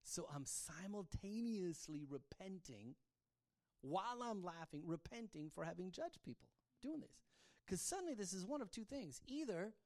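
A man preaching a sermon, telling his own story, his voice swinging from hushed to loud. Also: high voice, very animated, normal speed. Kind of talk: sermon testimony.

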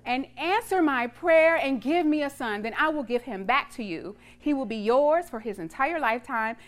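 Woman preacher reading grieving young woman, pleading, earnest, fairly high. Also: animated, normal speed.

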